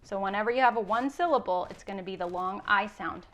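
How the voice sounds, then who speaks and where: A woman teacher giving a recorded class lesson, slowly sounding out spelling rules in a patient, encouraging way. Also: mid-range voice. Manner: slow, patient, sounding out words.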